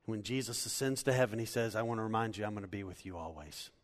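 A man's voice: fairly low pitch, fast talker, big-room sound. A man in his forties preaching a conversational sermon as pastor, talking easily and personally. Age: 40s. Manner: conversational, laughing asides.

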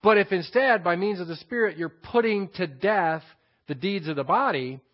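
A man's voice: high voice, normal speed. A man with a Texan accent teaching a Bible passage as a pastor. He explains the Greek words and repeats his key phrases. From Texas. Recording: dull lo-fi sermon recording.

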